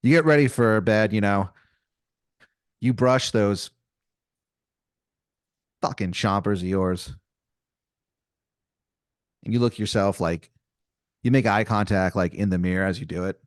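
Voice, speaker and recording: A young man with a fairly low voice rambles through an improvised comic tale, full of "like" and "uh". His voice is recorded dry and close. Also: clear, resonant tone, no room sound. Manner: rambling, many fillers and mock-dramatic pauses. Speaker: podcast co-host telling an improvised scenario. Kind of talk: improvised comedic storytelling.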